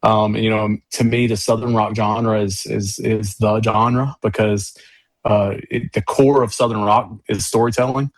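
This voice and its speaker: Male musician guest, low voice, monotone delivery, rambling enthusiastic storyteller. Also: unhurried, no room sound. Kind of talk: casual interview chat.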